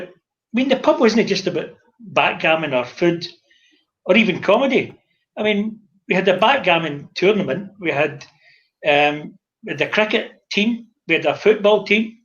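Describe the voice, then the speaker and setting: An older Scottish man, a former publican, telling lively stories in casual chat and acting out the dialogue. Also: high voice, lo-fi sound. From Scotland. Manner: animated anecdotal storyteller, acts out dialogue.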